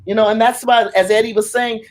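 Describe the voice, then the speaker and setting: A middle-aged speaker on a panel, voice sitting at an ordinary pitch for their sex and moving freely as they talk. The delivery is impassioned and storytelling, slipping into the voices of the people they quote. Words often break off and restart mid-thought. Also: fairly even intonation, brisk. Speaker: arts facilitator on a panel.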